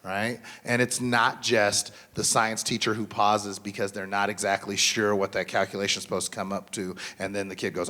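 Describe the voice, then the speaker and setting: Guy in his 30s or 40s at a school mental health panel, kinda low voice, earnest, lots of ums and restarts. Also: moderate pace, a bit bright. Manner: earnest, conversational, many fillers and restarts. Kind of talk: symposium panel talk. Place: school event.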